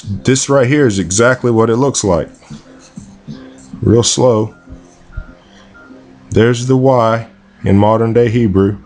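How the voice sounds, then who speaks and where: A man talking slowly and deliberately over a screen recording, often repeating himself and spelling things out. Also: fairly low pitch, a little mellow. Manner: slow and deliberate, repeats words, spells out pronunciations. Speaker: self-made video presenter. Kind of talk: slow screen-recorded walkthrough.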